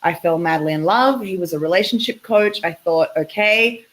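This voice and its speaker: Chatty Australian woman, low voice. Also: fairly quick, low-quality recording. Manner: warm, chatty, effusive. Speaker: relationship coach guest. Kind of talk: casual interview over a call. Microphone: video call.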